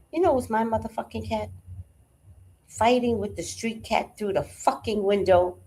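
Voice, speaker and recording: A woman hosting a livestream in casual chat, telling stories in an animated, profane way and answering viewers. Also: a little high, normal speed. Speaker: livestream host reading chat.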